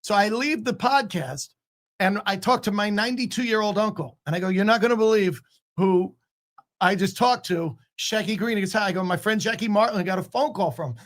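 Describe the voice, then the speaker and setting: A man who is a comedian guest on a podcast, telling a story in a relaxed, conversational way with repeated setups. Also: high-pitched, brisk. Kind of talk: casual storytelling chat.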